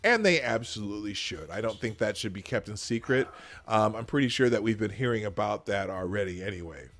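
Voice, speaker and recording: A male livestream host who chats about the news in an excitable, animated way. His voice has a gravelly texture, and his pitch leaps about freely. He keeps drifting toward and away from the microphone, so his loudness rises and falls. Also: fairly quick. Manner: excitable, loudness jumps as he moves around the mic. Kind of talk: casual chat.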